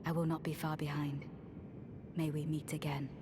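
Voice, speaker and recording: A woman voicing a devout female knight in a video game, with a steady, formal delivery. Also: low-pitched, normal speed, close to an everyday voice. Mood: solemn. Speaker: game character. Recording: game audio with clear ambient noise.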